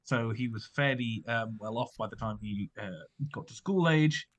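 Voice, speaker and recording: Casual podcast host, man, halting delivery full of ums and restarts. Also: medium pitch. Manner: hesitant, many fillers and restarts. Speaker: podcast host presenting research. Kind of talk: casual chat.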